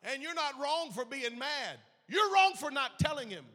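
A man's voice: very high-pitched, sing-song, normal speed, sharp tone. A man pastor preaching a sermon with passionate, emphatic repetition. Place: church sanctuary. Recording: echoey church hall.

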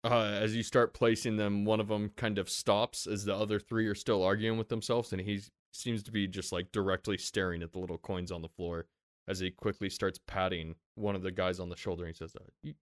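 Low-voiced male game master, relaxed and loose with swearing, dry close mic. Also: brisk, clean tone, no room sound. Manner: laid-back, laughs often, casual swearing. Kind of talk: narrating a tabletop game.

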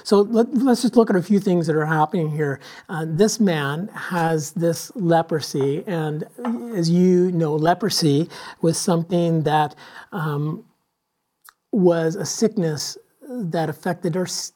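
A man's voice: on the high side, takes it slowly, warm tone. A man preaching a sermon as pastor, telling stories in a conversational way with frequent "uh" fillers.

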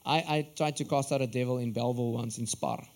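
Man, South African accent, sermon, storytelling, earnest, expressive. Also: medium pitch, a little fast. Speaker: preacher.

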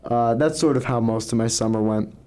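A young man co-hosting a casual podcast and spinning long, rambling anecdotes. He swears freely and talks at an ordinary, mid-range pitch. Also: brisk, dark tone, clear, resonant tone. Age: young adult. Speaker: podcast co-host.

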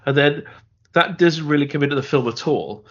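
A man's voice: a little high, moderate pace, a bit bright, lo-fi sound. A man co-hosting a film podcast in a casual, rambling way, often repeating words and laughing as he talks. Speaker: podcast co-host.

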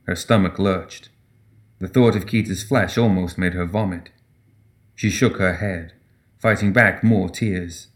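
Deep-voiced man narrating dark fantasy. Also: moderate pace.

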